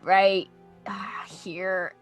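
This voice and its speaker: A woman playing a tabletop game who thinks aloud in halting bits and swears casually. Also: lowish voice, level tone, faint music behind. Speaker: player.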